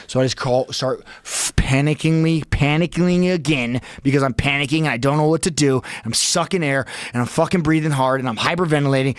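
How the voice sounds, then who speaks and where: A man's voice: mid-range voice, a little fast, few pauses, dry recording. A man guest on a podcast telling a story intensely, swearing heavily and quoting his own inner voice. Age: adult father. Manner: intense, heavily profane, talks to himself in quoted self-talk. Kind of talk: animated storytelling. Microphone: studio podcast mic.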